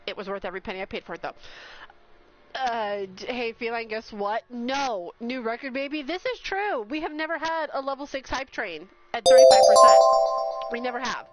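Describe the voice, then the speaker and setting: A woman streamer, talking to her live chat in an excited, overwhelmed rush of exclamations. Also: fairly high pitch, moderate pace, over loud music. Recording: slightly dull sound with faint noise.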